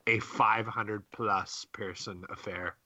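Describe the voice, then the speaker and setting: A man's voice: on the low side, fairly even intonation, takes it slowly, bright, forceful tone, no echo, highs cut off. A young man co-hosting a podcast, chatting in a laid-back, joking way and swearing casually. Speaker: podcast co-host. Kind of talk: casual chat.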